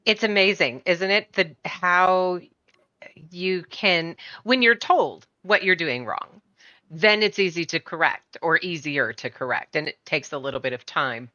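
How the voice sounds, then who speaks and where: Bright, dry-sounding middle-aged woman host. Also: on the low side, measured pace, no room sound, lo-fi sound. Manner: chatty, rambling questions with fillers and laughter. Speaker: interview host. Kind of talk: conversational interview.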